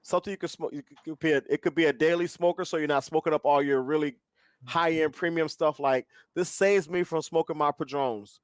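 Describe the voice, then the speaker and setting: A man's voice: a little high, fairly even intonation, a little fast, no room sound, clean studio sound. A middle-aged man, a podcast co-host, rambling jokily and a bit crudely through a casual cigar review. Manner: rambling, profane, jokey.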